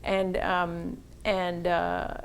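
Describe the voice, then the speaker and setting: A woman giving a marketing workshop talk, telling a lively, blunt story and acting out the dialogue. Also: lowish voice, drawn-out words, creaky, slight background noise. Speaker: workshop speaker.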